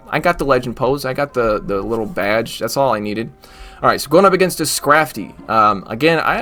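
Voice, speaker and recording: A man narrating his own battles in casual commentary, teasing and trash-talking the enemy's creatures as he plays. His voice sits at an ordinary middle pitch, with quiet background music running underneath. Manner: joking, mock trash talk at the game. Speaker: gaming YouTuber. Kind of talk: casual live gameplay commentary.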